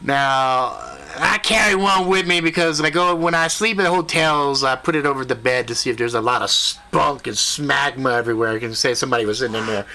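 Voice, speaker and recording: A man telling a comic story in an animated, profane way, jumping into voices and sound effects. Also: medium pitch, a little fast, few pauses. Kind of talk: comedic spoken storytelling.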